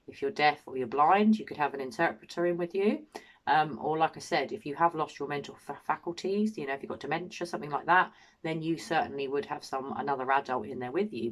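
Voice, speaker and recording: Low-voiced indignant English woman. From England. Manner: indignant, full of rhetorical questions. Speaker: true crime channel host. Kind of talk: opinionated true crime commentary.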